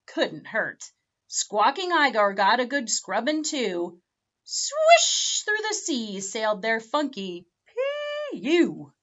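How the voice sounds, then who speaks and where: A woman librarian reading a picture book aloud for children at home, with animated, expressive storytelling. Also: fairly high pitch, lo-fi sound.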